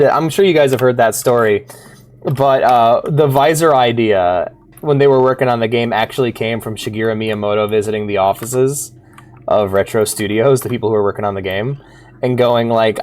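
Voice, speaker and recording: A man streaming a video game, chatting casually, swearing and reading in-game logs aloud in bursts of excitement. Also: medium pitch, moderate pace.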